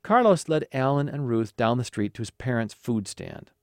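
Expressive man reading a storybook. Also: mid-range voice, moderate pace, dry recording, studio quality. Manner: expressive, animated. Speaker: narrator.

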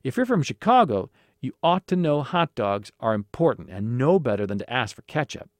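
Man voicing a gruff, growly street vendor, stubborn, raised pitch, swings up and down, dry close sound. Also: sing-song, normal speed, darkish tone, no room sound, close to an everyday voice. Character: gruff middle-aged male hot dog vendor, stubborn.

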